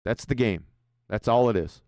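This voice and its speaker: A man's voice: lowish voice, moderate pace, a little mellow, no room sound, clean studio sound. A man hosting a livestream, mocking his opponent with profanity and reading super chats aloud with frequent laughs. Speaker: livestream host.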